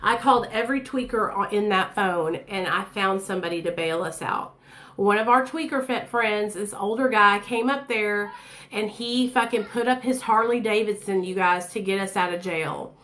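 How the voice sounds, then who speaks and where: A woman's voice: medium pitch, moderate pace. A woman in her thirties telling her own story in casual, blunt, profane speech, acting out the voices of others. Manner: blunt, profane, animated, acts out quoted voices.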